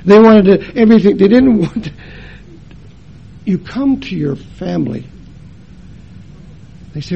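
Older male preacher, high and lively voice, dramatic sermon storytelling. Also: measured pace, creaky, long pauses, breathy edge. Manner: dramatic, swings between loud emphasis and hushed tones; acts out family members' voices in his story. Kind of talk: sermon with personal testimony.

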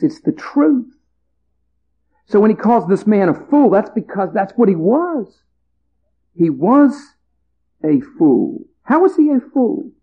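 A man preaching a sermon in a conversational, folksy way, with dramatic pauses on key words. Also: sits high, breathy edge. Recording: muffled lo-fi.

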